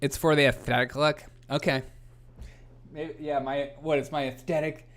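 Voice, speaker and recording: A man's voice: on the high side, fairly even intonation, moderate pace, a bit bright. Giggly, rambling man hosting a comedy livestream. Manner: rambling, giggly, reads chat aloud. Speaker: host. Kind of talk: casual livestream comedy commentary.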